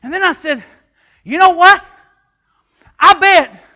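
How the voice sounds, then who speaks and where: A man preaching a sermon as assistant pastor in a church, passionate and folksy, swinging between shouts and quiet asides. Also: very high voice, slow. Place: church sanctuary.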